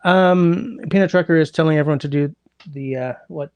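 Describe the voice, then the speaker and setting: A man's voice: a little high, a little fast, darkish tone, smooth, dry recording. A man hosting a casual livestream from home, rambling, greeting viewers by name and humming while he scrolls, his sinuses congested. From Canada. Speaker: livestream host. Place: indoors at home.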